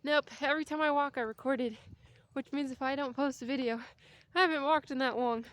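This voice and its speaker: A woman's voice: high voice, brisk, a bit bright. A young adult woman vlogging outdoors on a cold winter walk, talking in a rambling, chatty way with jokey asides. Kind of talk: casual walking vlog.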